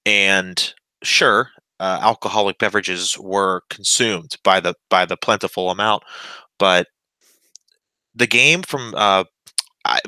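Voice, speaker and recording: Bright, crisp-voiced male podcast host. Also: deep voice, no room sound, rough recording. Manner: jokey, quick plugs and banter. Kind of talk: casual podcast chat.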